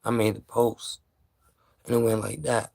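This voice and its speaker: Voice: mid-range voice, level tone, measured pace, creaky, a little mellow, no room sound, clean studio sound. A vlogger from New York ranting to camera in casual, profane street slang, heated and laughing by turns.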